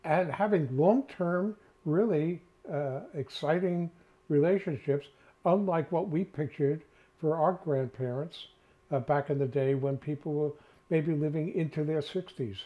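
An older man with a New York accent talks in a rambling way, full of "uh"s. His voice sits a little high, and the recording sounds dull and lo-fi. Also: unhurried. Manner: rambling, many filler sounds. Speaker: co-host. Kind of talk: casual chat.

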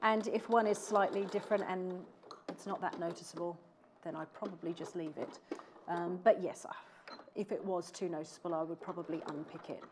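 A woman's voice: on the low side, fairly even intonation, noisy background. Easygoing woman demonstrating sewing. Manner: easygoing, practical, quick to laugh. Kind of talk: relaxed studio chat while demonstrating. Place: TV studio.

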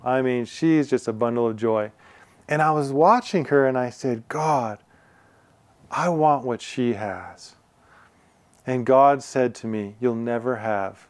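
A man's voice: mid-range voice, a little mellow, no room sound. Male pastor, mid-range voice, earnest and chatty sermon style with rhetorical questions, dry close sound. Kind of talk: conversational sermon.

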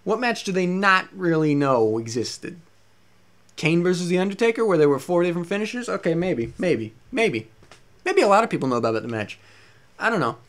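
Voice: mid-range voice, expressive, brisk. Angry, profane let's-play ranter with a swooping voice. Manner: angry, profane, exasperated ranting; rhetorical questions at the game makers. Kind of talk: gameplay commentary rant.

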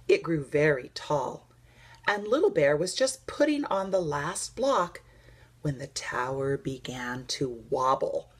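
A woman teacher reading a picture book aloud to children, gentle and expressive with hushed narration. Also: low voice, slow pace, slightly rough.

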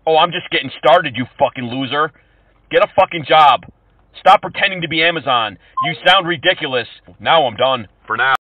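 A man making prank phone calls to scammers, mocking and insulting them, switching from fake politeness to yelling. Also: fairly high pitch, fairly quick. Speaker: scam-baiting prank caller. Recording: tinny phone-call audio.

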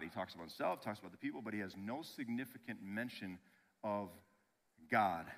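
A male pastor preaching a sermon in an animated, conversational way, often checking in with "right?" and restarting his phrases. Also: lowish voice.

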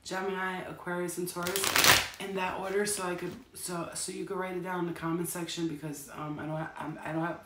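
A woman's voice: on the low side, little pitch movement, brisk. A young woman reading tarot on a casual stream, talking in a rambling, profane, chatty way. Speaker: tarot reader. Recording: echoey room with faint noise.

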